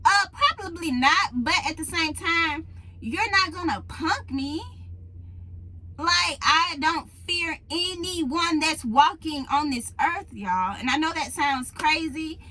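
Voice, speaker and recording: A woman vlogger telling a story to her viewers in a casual, animated, emphatic way, recorded on a phone in a truck cab. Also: high-pitched, slow pace, poor audio. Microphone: phone in a holder.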